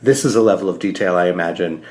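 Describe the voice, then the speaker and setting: A man's voice: deep voice, fast, a little mellow. A man co-hosting a podcast, talking earnestly and animatedly about a comic, with frequent "like" fillers. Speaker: podcast co-host. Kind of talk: casual podcast discussion.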